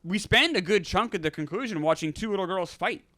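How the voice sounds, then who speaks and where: A man's voice: sits high, expressive, a little fast, sharp tone, dry recording, clean studio sound. A man in his forties co-hosting a film podcast, giving blunt, opinionated critique in casual chat. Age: 40s. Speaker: podcast co-host. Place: studio.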